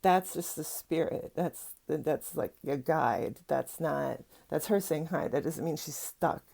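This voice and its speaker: A woman's voice: low-pitched, slow pace, creaky, a little mellow. A middle-aged woman, a psychic teacher, chatting casually to camera at home, rambling with lots of fillers and asides.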